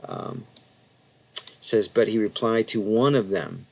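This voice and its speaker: A man giving a casual Bible lesson, talking through a passage with frequent fillers and asides and sounding out Greek words slowly. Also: on the low side, little pitch movement, vocal fry. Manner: conversational, many fillers and asides, reads Greek haltingly. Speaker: Bible teacher. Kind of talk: casual teaching presentation.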